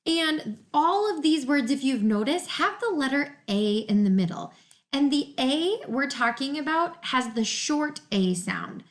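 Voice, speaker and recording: Woman teacher, slow clear word drills for young kids, higher voice, laptop mic at home. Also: animated. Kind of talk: remote reading lesson for young children. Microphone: laptop computer mic.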